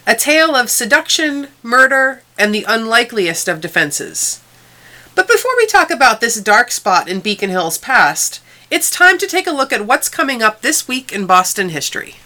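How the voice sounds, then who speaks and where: A woman hosting a history segment, giving scripted narration in a dramatic, measured storytelling manner. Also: fairly high pitch, big pitch swings, sharp tone.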